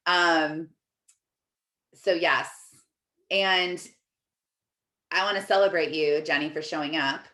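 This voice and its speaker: A woman's voice: low voice, a bit bright, reverberant. A woman life coach hosting a group video call, chatting casually and reading out comments from the chat in an upbeat, encouraging way.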